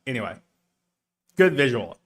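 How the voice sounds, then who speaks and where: A man's voice: mid-range voice, big pitch swings, normal speed. A man casually thinking aloud while studying, rambling with lots of fillers. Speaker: streamer studying a language.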